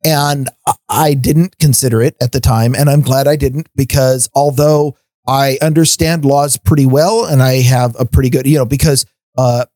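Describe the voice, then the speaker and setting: In a fairly high, darkish voice, a middle-aged man co-hosts a podcast and rants casually. He often stammers when restarting a thought and laughs between points. The recording is dry.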